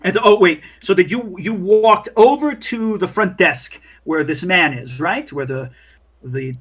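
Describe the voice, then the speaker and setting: A man's voice: sits high, unhurried, fairly bright tone, breathy edge, faint music behind. A man narrating as game master in a chatty way, full of "like" and "you know". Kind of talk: casual tabletop game narration.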